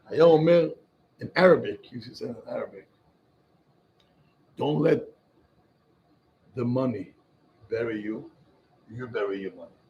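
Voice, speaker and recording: A man's voice: medium pitch, moderate pace, pauses often, muffled recording, a little hiss or hum. A man, a rabbi, giving an emphatic Torah class, quizzing his listeners and mixing in Hebrew phrases. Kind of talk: Torah class to a live group.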